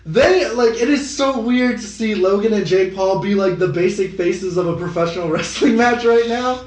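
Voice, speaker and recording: Young male podcast co-host, high voice, roomy distant sound, rambling and animated. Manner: rambling, profane, animated with quick impressions. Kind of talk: casual chat. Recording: echoey room, off-mic.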